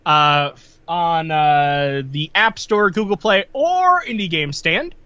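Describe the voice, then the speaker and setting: A man's voice: a little high, expressive, takes it slowly, pushed and bright, clear, resonant tone, no echo, dull audio. A man co-hosting a casual gaming podcast, playful and joking. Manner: playful, slips into old-timey put-on voices. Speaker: podcast co-host.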